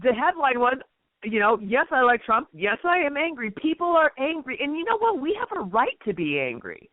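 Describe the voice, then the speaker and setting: A woman co-hosting a political talk radio show, speaking in an indignant, forceful way. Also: high-pitched, big pitch swings, moderate pace, no room sound. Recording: dry, phone-like radio sound.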